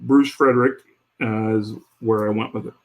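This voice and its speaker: A man who is a guest on a podcast, telling stories in a jokey, rambling, animated way. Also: lowish voice, moderate pace. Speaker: podcast guest, home cook. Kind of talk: casual storytelling chat.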